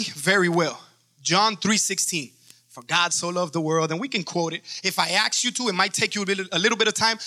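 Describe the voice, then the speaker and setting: Bright, forceful preaching man. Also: sits high. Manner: emphatic preaching, acts out stories. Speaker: pastor. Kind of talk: sermon.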